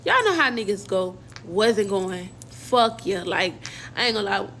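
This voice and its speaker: A woman's voice: mid-range voice, expressive, unhurried, fairly bright tone, slight background noise. A young woman casually telling a personal story in slang, acting out quoted dialogue as she goes. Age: young adult.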